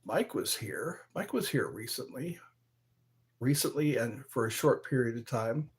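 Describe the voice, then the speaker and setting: A man hosting his own live stream, chatting slowly and aimlessly, greeting viewers by name and trying to recall old movies. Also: mid-range voice, expressive. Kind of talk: rambling live stream chat.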